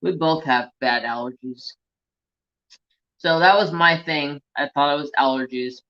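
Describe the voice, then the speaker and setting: A US man hosting a crafting channel's live stream chats casually, tells stories and reads viewer comments aloud. His voice is on the high side at a measured pace, and the audio sounds dull and lo-fi.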